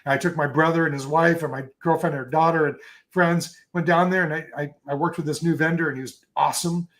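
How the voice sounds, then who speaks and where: A man in a relaxed interview, rambling happily through his stories with plenty of ums and restarts. His voice sits on the higher side for a man. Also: quick pace. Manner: enthusiastic, rambling storyteller with many fillers. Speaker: photographer guest. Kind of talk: casual interview chat.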